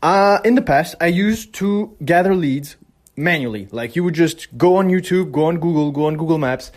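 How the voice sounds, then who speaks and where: A young man talking casually in a vlog, excitable and rambling, swearing freely as he shares his work plans. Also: on the high side, normal speed. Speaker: vlogger.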